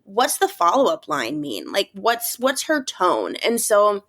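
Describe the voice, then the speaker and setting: A woman's voice: medium pitch, unhurried. A woman teacher in her thirties or forties, a podcast guest who talks casually and animatedly, acting out her students. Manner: animated, acts out student voices. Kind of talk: casual interview chat.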